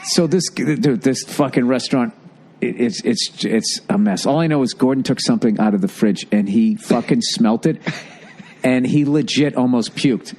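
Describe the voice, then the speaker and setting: A man chatting casually, telling a story in an animated, profane way and acting out the people in it. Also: medium pitch, normal speed. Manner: animated, profane, acts out quotes with shouts.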